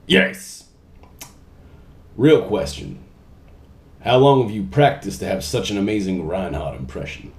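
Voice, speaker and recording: Reading fan questions aloud in a vlog, a young man jokes and chats in a medium-pitched, gravelly, slightly mellow voice. His delivery is sing-song and a little slow, with long pauses, and the recording carries a roomy echo.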